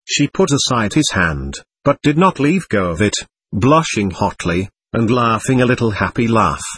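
A man narrating a novel aloud in a measured, expressive reading. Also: medium pitch, slightly rough, no echo. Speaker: audiobook narrator. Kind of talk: scripted narration.

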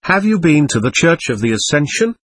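Man doing a cocky teenage schoolboy, mocking, husky, lively pitch. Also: a little fast, dry recording, heavily acted. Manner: lofty, mocking and self-assured.

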